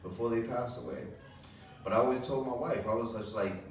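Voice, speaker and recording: A man's voice: a little fast, slight background noise. Puerto Rican man, stand-up comic, loose rambling delivery, distant mic in an echoey club. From Puerto Rico. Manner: loose storytelling with fillers, climbing high when excited. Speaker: stand-up comedian. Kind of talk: stand-up set at an open mic. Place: small comedy club, open mic. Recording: echoey room, far from the mic.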